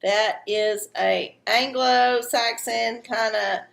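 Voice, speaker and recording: Woman, livestream host doing readings, unhurried gravelly drawl, salty and frank, slightly weepy. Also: on the high side, steady tone, a bit bright. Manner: blunt, profane and chatty. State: teary-eyed. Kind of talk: casual livestream chat.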